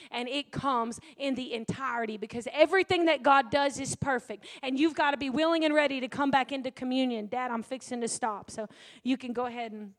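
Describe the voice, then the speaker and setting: A woman preaching a sermon, swinging from shouted declarations to hushed, intimate asides. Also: high-pitched, fairly even intonation, fairly quick.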